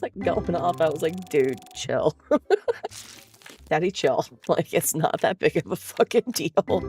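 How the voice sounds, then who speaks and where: A woman's voice: fairly low pitch, vocal fry, darkish tone. A woman chatting casually, telling a story with frequent swearing and laughter. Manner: chatty, profane, laughs often. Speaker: vlogger.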